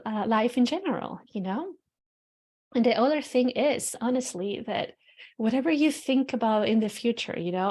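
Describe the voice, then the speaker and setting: A woman with a fairly high voice hosts her own podcast, musing aloud in an easygoing, reflective monologue. She speaks loosely and candidly, leaning on "you know" and "like" and not shy about the odd swear word. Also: darkish tone. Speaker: podcast host. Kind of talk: casual reflective spiritual monologue.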